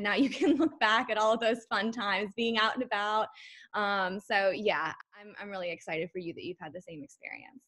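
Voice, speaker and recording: A woman in her twenties chats as a guest in a casual interview. She sounds gracious and warm and laughs easily between thoughts. Her voice sits at an ordinary middle pitch. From Florida.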